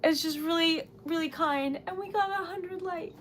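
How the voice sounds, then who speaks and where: A woman's voice: very high-pitched, normal speed, a little hiss or hum. A young woman chatting on a livestream while crafting, flustered, teary and rambling with giggles. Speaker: livestream host.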